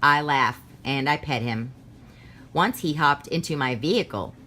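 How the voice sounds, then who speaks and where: A woman reading as a weary homeless male war veteran, talking quietly and haltingly. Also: sits low, full character voice.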